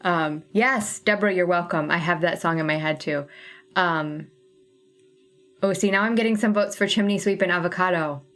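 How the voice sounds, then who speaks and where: A woman's voice: lowish voice, moderate pace, fairly bright tone. A woman hosting a casual craft livestream, chatting with viewers and thinking aloud as she sorts thread colors. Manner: chatty, thinking aloud while sorting flosses. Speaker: cross-stitch livestream host.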